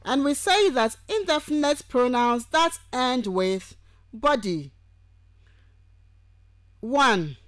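Slow, deliberate woman lecturing on radio. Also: high-pitched, expressive, no echo. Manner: slow, deliberate, lists examples one by one. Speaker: university lecturer. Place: radio studio.

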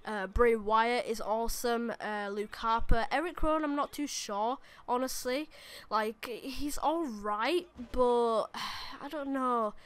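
A young adult woman, rambling and commentating live on her own gameplay, often bursting into excited shouts at the game. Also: fairly high pitch, slow pace, clear, resonant tone. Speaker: gaming YouTuber.

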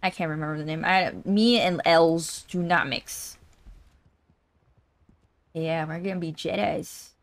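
A woman's voice: lowish voice, fairly even intonation, a little slow, pauses often. A woman streamer chatting playfully and giggling through a casual gaming stream.

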